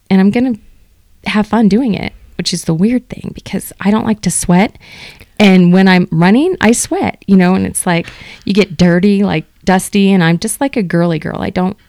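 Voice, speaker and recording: A woman's voice: mid-range voice, no room sound. A middle-aged woman chatting as an interview guest, telling stories animatedly and acting out what people said. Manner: animated storyteller, acts out quoted dialogue. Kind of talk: casual interview chat.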